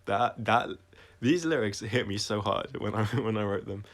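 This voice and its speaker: A man talking through his own songs on a casual livestream, reflective and halting, often restarting his sentences and trailing off quietly. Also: on the low side, faint music behind. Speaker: singer-songwriter explaining his songs.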